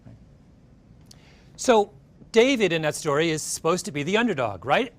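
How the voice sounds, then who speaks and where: A man retells a story in a lecture, with his pitch rising and falling freely. His delivery is animated, and he keeps checking in with his listeners with a quick "right?". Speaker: speaker giving a talk.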